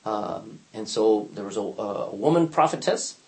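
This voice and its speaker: Older man, Bible teacher, chatty and animated, pitch swinging widely as he tells stories. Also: measured pace, vocal fry. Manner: animated storyteller, acts out quotes, frequent restarts. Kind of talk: informal Bible lesson.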